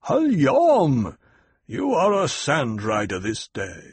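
A man reading aloud voices a stern older desert troop leader who speaks bluntly and gives commands in a husky voice. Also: fairly high pitch, huge pitch swings, takes it slowly, dry recording, pitched above the performer's own voice, full character voice. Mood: approving.

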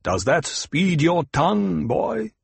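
Man doing stern desert leader, slow, commanding, gravelly, husky, audiobook. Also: on the high side, very animated, no echo, pitched above the performer's own voice, heavily acted. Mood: measured. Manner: slow, deliberate, authoritative. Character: tall, stern male desert tribal leader, measured and commanding. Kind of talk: audiobook character voice.

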